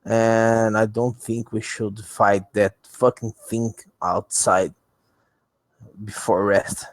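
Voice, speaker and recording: A man speaking as a player in a tabletop game, halting and a bit unsure. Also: fairly low pitch, level tone, no echo. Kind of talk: casual tabletop play.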